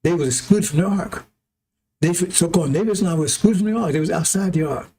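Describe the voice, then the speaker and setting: A man's voice: on the high side, fast, mellow, a little hiss or hum. A man giving a loose, rambling sermon to his followers, blunt and often laughing as he reads scripture. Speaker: preacher.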